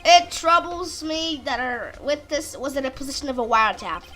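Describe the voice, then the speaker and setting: A woman voicing an old male judge who gives formal, measured rulings. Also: high-pitched, fairly bright tone, faint music behind.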